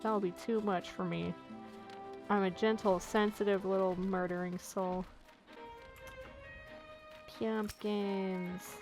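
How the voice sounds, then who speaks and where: A woman's voice: medium pitch, level tone, slow, long pauses, over music. A woman hosting a casual let's play, joking and laughing at the game's dialogue. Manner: giggly, jokey, reacts to game dialogue. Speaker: gaming channel host.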